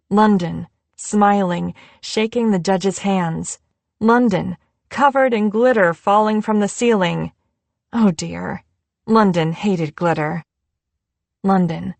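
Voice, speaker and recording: A woman reading an audiobook in a measured, unhurried scripted narration. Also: lowish voice, creaky, darkish tone, dry recording.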